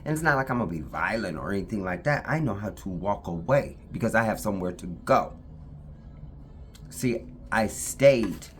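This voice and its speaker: A woman's voice: extremely low pitch, a little hiss or hum. A woman talking casually to her camera, emphatic and repetitive, now and then breaking off to talk to her puppy. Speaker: vlogger.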